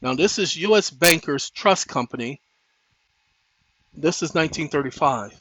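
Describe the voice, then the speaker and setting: A man hosting his own channel, lecturing viewers in a preachy, insistent way that turns loud and heated. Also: fairly high pitch, animated, moderate pace, dry recording, dull audio. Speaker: host. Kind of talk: impassioned legal lecture to viewers.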